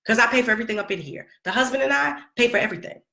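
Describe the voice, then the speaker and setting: A woman's voice: fairly high pitch, animated, very fast, gravelly, bright, forceful tone, reverberant. A middle-aged woman venting to her viewers about her son, emphatic and sassy, repeating herself for effect. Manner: emphatic, repetitive, sassy, talks straight to the camera. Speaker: vlogger and mother. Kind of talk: casual storytelling vlog to viewers.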